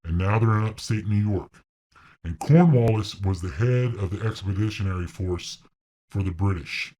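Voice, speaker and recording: A man's voice: fairly low pitch, normal speed, warm tone. A man casually telling a long story, rambling with asides and restarts.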